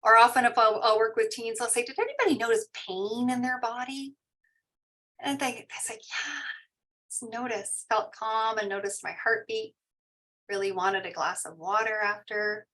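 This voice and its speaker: A woman teaching mindfulness in an online session, guiding a meditation and then reading out and answering participants' shares in a soft, slow, soothing way. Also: a little high. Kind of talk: guided meditation and parent info session. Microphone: online video call.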